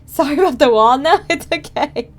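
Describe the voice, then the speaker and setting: A woman's voice: high-pitched, animated, a little slow, soft background music. Rambling young woman streamer. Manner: rambling, filler-heavy, frequent laughs. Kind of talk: casual chat with live chat.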